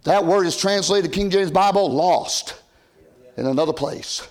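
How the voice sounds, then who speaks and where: An older man preaching an old-time sermon from a church pulpit, rising to loud shouted emphasis and dropping to quiet asides. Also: high-pitched, unhurried. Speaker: pastor.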